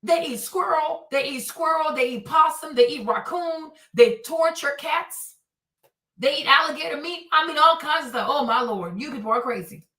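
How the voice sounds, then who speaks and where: Loud, ranting high-voiced woman. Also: normal speed, roomy sound, far from the mic. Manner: loud, profane, mocking rants. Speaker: streamer host. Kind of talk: reaction stream commentary.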